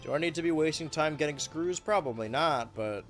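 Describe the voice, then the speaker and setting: A young man casually commenting on his gameplay as a streamer, chatty and self-mocking, with sudden loud outbursts and a voice getting worn. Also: on the high side, a little fast, faint music behind.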